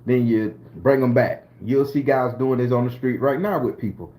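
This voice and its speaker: Speaking to camera at a moderate pace, a middle-aged channel host from southern Florida spins a story in a slangy, profane, streetwise style. He has a Southern US accent and a dark, mid-range voice.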